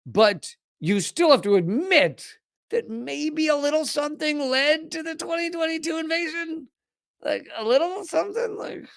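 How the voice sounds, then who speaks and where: A gravelly yet clean-toned man hosts a political commentary show, reading out news with sarcastic, mocking asides and whiny high-voiced impressions of opponents. It's studio quality with no echo.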